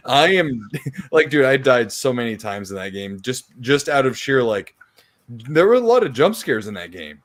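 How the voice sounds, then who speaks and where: A man's voice: on the low side, measured pace. Laid-back gamer man chatting. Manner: relaxed gamer talk with laughs and swearing. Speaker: podcast co-host. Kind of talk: casual chat.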